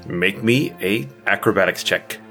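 A man's voice: on the low side, measured pace, vocal fry, pushed and bright, faint music behind. A man narrating a tabletop game as dungeon master, describing scenes and laughing easily as he goes.

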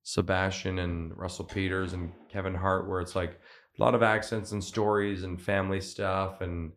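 A man's voice: deep voice, flat delivery, normal speed, fairly bright tone. A man, a stand-up comedian, chatting casually on a podcast with lots of fillers and restarts. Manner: rambling, filler-heavy, many restarts.

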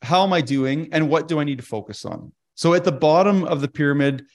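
A man's voice: fairly high pitch, animated, fairly quick. A man presenting a financial webinar over a video call, talking through his points and stories in a loose, conversational way. He trails off and restarts a lot, with plenty of fillers.

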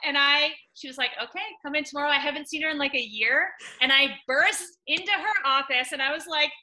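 A young woman on a podcast telling a personal story in a chatty way, full of "like" and loud acted-out quotes. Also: high voice, a little fast, low-quality recording. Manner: chatty, many "like" fillers, acts out quotes loudly. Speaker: podcast guest.

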